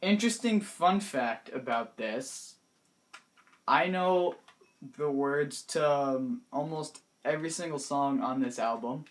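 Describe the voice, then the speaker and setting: A young man in his late teens casually talking through his favorite music in a vlog, hesitant and pausing often, his words trailing off softly. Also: a little high. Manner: hesitant, many pauses and restarts, trailing off softly. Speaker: vlogger.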